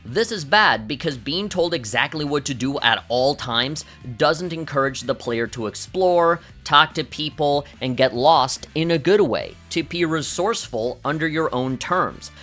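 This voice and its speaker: A man's voice: fairly high pitch, lively intonation, unhurried, bright, forceful tone, soft background music. A man in his thirties giving a scripted, opinionated and sardonic review of video games. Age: 30s. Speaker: game reviewer.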